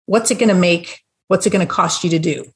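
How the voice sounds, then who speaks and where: A woman's voice: lowish voice, brisk. Woman explaining business plans in a webinar. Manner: explanatory, friendly, laughs now and then. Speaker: restaurant business consultant and educator. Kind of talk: webinar conversation.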